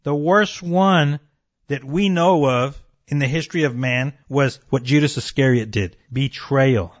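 A man's voice: medium pitch, a little slow, muffled recording. A man preaching an emphatic sermon, calling his listeners folks and warning them of judgment.

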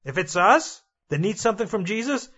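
A man's voice: high-pitched, big pitch swings, brisk, pushed and bright, slightly rough, lo-fi sound. A male preacher giving a sermon, emphatic and repetitive, addressing his listeners directly.

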